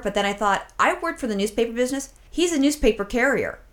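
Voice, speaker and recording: A woman co-hosting a podcast, telling a story in a casual, profane, excitable way and acting out her own reactions. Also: fairly high pitch, fast talker, few pauses. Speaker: podcast co-host.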